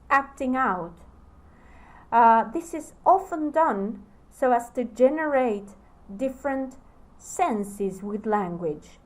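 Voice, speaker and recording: Slow, deliberate lecturing woman. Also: fairly high pitch, poor audio. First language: Spanish. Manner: slow, deliberate, with pauses between phrases. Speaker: teacher trainer. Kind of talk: recorded lecture.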